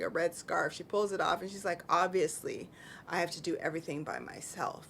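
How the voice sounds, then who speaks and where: A woman's voice: lowish voice, fairly bright tone, slight background noise. A woman hosting a podcast, chatting casually and with amusement through a soap-opera recap full of rambling asides. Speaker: podcast host. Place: indoors at home.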